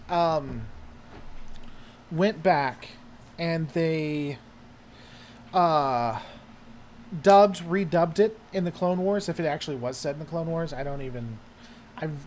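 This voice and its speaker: A man's voice: a little high, slight background noise. A man hosting a casual livestream chat, rambling and heavily sarcastic as he answers viewers. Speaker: host.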